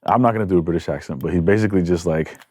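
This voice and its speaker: A man who hosts a podcast and manages artists, talking candidly and relaxed in a casual interview. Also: low-pitched, no room sound. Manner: relaxed, candid, swears, quick affirmations.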